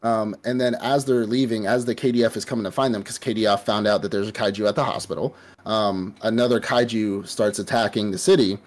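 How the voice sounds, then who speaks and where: A man's voice: lowish voice, steady tone, fairly quick, few pauses. A man hosting a podcast, casually recapping a show in a rambling way with lots of swearing and fillers. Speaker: podcast host. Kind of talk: casual chat recapping an anime.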